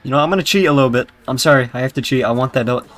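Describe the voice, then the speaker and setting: Talking very fast in a medium-pitched voice, a young British YouTuber rambles through a zombie game. His casual gameplay commentary is crude and full of jokes.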